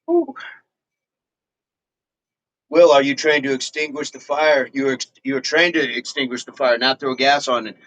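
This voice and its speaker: Man, fitness livestream host, casual chat, rambling, chuckles, mid-pitched. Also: animated, moderate pace, pauses often, a bit bright, muffled recording. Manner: laid-back and rambling, chuckles often. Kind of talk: casual livestream chat reading viewer comments.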